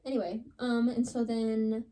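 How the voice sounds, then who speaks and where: A woman's voice: a little high, flat delivery, a little slow, dark tone. A young woman on a podcast, chatting casually and dramatically retelling a story, with lots of "like.". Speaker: podcast co-host.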